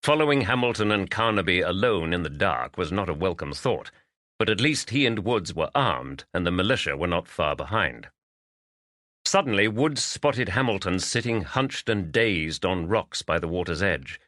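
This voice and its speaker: A man narrating a mystery audiobook in a measured, expressive reading. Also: low-pitched, no echo, clean studio sound.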